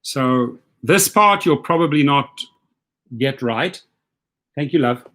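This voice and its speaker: A middle-aged man with a South African accent hosts a livestream chat, coaching his listeners in an energetic way and often repeating himself. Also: medium pitch, takes it slowly. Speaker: host. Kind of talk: livestream chat giving advice.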